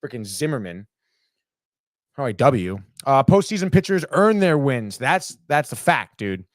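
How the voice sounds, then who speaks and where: A man's voice: mid-range voice, very animated, normal speed, no room sound, studio quality. A young man hosting a live sports talk show, rambling and heated, swearing freely and saying "dude" a lot. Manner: profane, rambling, heated, says "dude" often. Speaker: sports podcast host. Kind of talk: casual live sports chat.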